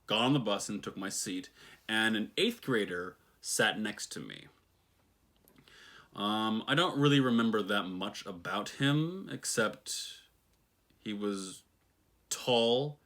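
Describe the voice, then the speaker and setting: A man with a low voice and a bright, forward tone recounts his own past. His delivery is reflective and unhurried, and now and then he slips in a dry, wry aside. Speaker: personal storyteller. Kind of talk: reflective personal storytelling monologue.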